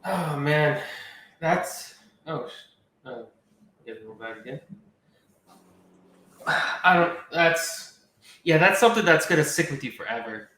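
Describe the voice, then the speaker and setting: A man's voice: a little high, animated, measured pace, long pauses, pushed and bright, roomy sound, a little hiss or hum, low-quality recording. A man interviewing a guest in casual chat, agreeing often and asking short follow-up questions.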